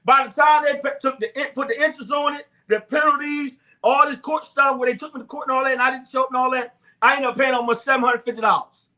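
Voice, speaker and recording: Fervent high-voiced man. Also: fast. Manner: fervent, exhorting, then relaxed announcements. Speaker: live video host. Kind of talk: preaching-style livestream talk.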